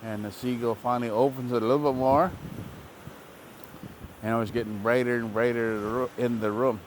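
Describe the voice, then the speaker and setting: A man, a language teacher, telling a traditional story in a relaxed, repetitive oral style. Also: medium pitch, fairly quick, a little hiss or hum. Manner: relaxed, repetitive, plain-spoken.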